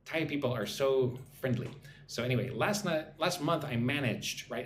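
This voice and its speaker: A man's voice: mid-range voice, lively intonation, moderate pace, roomy sound, slight background noise. A man teaching English on a live stream, reading chat comments and drilling pronunciation.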